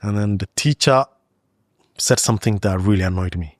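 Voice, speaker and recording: A man with a fairly low voice tells a personal story in a relaxed interview chat. He talks loosely, leaning on "like" and "you know" as he goes. The sound is close and dry, with no room echo. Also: normal speed. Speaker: guest. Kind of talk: casual storytelling in a podcast interview.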